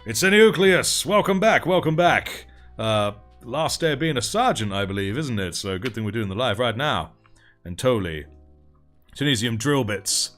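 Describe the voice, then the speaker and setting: A man hosts a relaxed livestream, painting miniatures while he chats, reads out the chat and thanks viewers, laughing often. His mid-range voice is fairly bright, with lively intonation and a normal pace, and faint music plays in the background.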